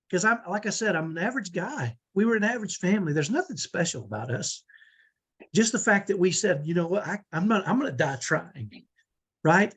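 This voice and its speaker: High-pitched and breathy, this middle-aged man leads a live parenting webinar on a video call. He speaks earnestly and emphatically, often tacking on "right?"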